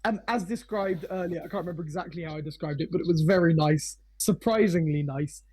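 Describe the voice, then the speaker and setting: A man's voice: a little high, brisk, a little mellow. A man narrating as game master for a tabletop game, laughing often and swearing freely.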